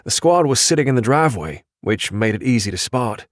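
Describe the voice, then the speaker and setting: A man's voice: mid-range voice, animated, brisk, no echo, clean studio sound, natural voice. A man reading an audiobook, voicing a tactical police officer with a clipped, commanding manner. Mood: urgent. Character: tough, terse male tactical police officer. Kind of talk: audiobook dialogue.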